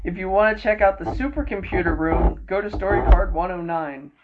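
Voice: mid-range voice, a little fast, a loud crowd. A podcast co-host narrating a gamebook in the second person, laughing often between passages. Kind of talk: scripted gamebook narration with banter. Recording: muffled lo-fi audio.

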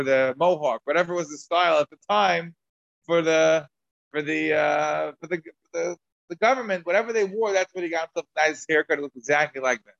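Male Talmud teacher, slightly high voice, discursive, dull dry lo-fi recording. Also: a bit bright, dry recording. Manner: discursive, rambling with many restarts and asides. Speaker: Torah class teacher. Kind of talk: Talmud lesson lecture.

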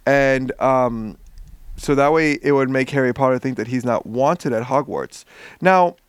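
A man recapping a story in casual chat, animated and swearing freely. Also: medium pitch, measured pace, clean tone, no echo. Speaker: podcast co-host.

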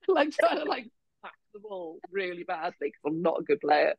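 A woman's voice: medium pitch, wildly swooping pitch, moderate pace, creaky, no echo. Woman, coach as podcast guest, giggly storyteller, dry close sound. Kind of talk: casual podcast chat. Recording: dull lo-fi podcast audio.

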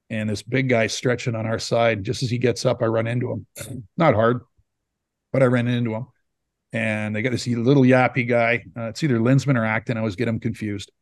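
A man's mid-range voice, free of room sound, belongs to a former hockey player from Saskatchewan in his fifties. As a podcast guest he rambles through casual stories, acting out what people said.

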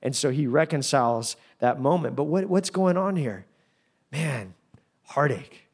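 A man preaching a sermon in a conversational, animated way, with playful asides. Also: medium pitch, unhurried, husky. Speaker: pastor.

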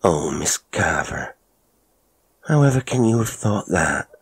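Narrator doing a brash young country lad, teasing, husky edge, audio horror. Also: male voice, deep voice, very animated, slow pace, full character voice. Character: teasing young rural man, cocky and blunt.

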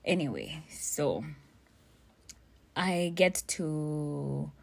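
Young woman, lowish voice, cussing a lot while she tells a story, super casual. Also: drawn-out words, vocal fry. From Kenya. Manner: blunt, profane, animated storytelling. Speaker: vlogger.

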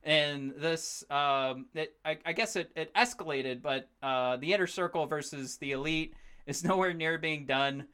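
This is a man in his thirties on a casual podcast, rambling and excitable, swearing freely as he talks. His voice is bright and clear and sits slightly high. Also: unhurried, hardly any pauses. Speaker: podcast co-host. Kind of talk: casual chat.

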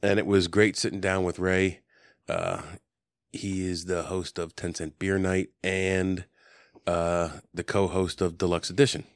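A man's voice: deep voice, flat delivery, measured pace, no echo, clean studio sound. A man hosting a casual podcast chat, rambling and joking with plenty of ums. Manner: rambling, jokey, lots of ums. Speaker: podcast host. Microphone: desk podcast mic.

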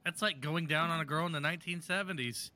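A man's voice: fairly high pitch, fast talker, pushed and bright, slight background noise. A mildly drunk man co-hosting a casual podcast, blunt and vulgar. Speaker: podcast co-host. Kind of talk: crude casual banter.

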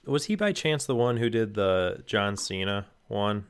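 A man chatting casually as a co-host, an animated storyteller. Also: fairly low pitch, measured pace, clean tone. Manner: animated storyteller, acts out quotes. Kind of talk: casual chat.

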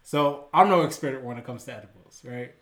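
A man's voice: mid-range voice, a little fast, a loud crowd. A young man hosting a podcast, telling a story in casual, slangy talk. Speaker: podcast host.

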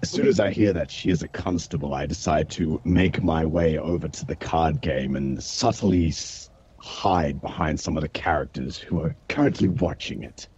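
A man's voice: extremely low pitch, normal speed, a little mellow, slightly rough. A man playing in a tabletop game, speaking in a sly, playful way. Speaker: player. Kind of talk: role-playing as a character. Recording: dull sound, faint noise.

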